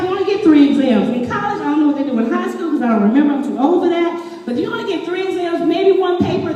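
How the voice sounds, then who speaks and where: High-voiced woman in an echoey hall. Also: slight background noise. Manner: animated, playful, quizzes the audience. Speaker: speaker addressing an audience. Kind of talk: lively motivational talk. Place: event room with tables. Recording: echoey hall, mic from far off.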